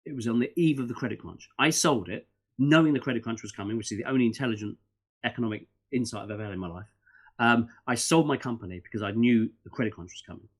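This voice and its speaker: A middle-aged man appears as a podcast guest in a casual interview, speaking fast in a mid-range voice. He talks in animated, rambling bursts, restarting often and leaning on fillers.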